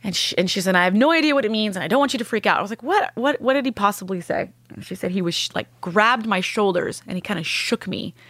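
An earnest young woman talks through a deeply personal story, heartfelt and open, and she slips into the voices of the people she quotes. Her voice sits at a medium pitch. The sound is close and dry, with no room around it. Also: fast, few pauses, fairly bright tone, no room sound. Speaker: guest sharing a personal story.

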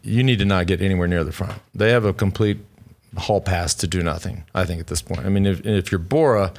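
A man's voice: sits low, fairly even intonation, a little fast, darkish tone. A man co-hosting a casual cycling podcast, a former pro rider who talks bluntly, swears freely and rambles through restarts. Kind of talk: casual chat.

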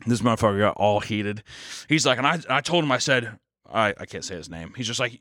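A man's voice: medium pitch, quick pace, dry recording, clean studio sound. A man co-hosting a podcast, telling a story in a casual, swearing way and acting out other people's voices. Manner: animated, swearing, acts out voices in stories. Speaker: podcast co-host. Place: studio.

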